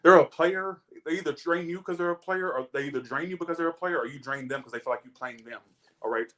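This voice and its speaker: A man's voice: on the high side, fast, a bit bright. A young man, chatting casually and animatedly as he tells stories and reads tarot, swearing freely. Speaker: tarot reader. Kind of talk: casual storytelling and tarot reading.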